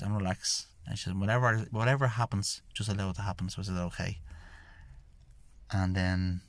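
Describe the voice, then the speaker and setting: A man's voice: sits low, no echo. An Irish man, a shamanic healer, telling his own story in a rambling monologue that keeps repeating "I says" as he retells conversations. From Ireland. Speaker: podcast host, shamanic healer.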